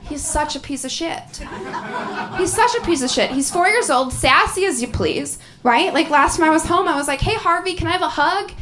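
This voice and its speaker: A young woman performing stand-up comedy, telling stories in an animated way, often laughing and jumping up into high squeals. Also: moderate pace, a little hiss or hum.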